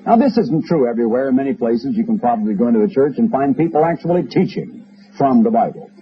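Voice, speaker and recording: A man's voice: mid-range voice, expressive, quick pace, slight background noise. Wry, storytelling male radio preacher. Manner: emphatic, storytelling, wry asides. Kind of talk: broadcast sermon. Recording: dull lo-fi radio recording.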